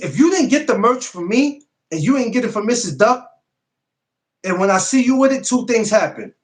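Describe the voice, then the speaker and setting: A man hosting a casual podcast livestream, talking bluntly and profanely and repeating himself a lot. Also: high voice. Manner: repetitive, blunt, profane, animated. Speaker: podcast host.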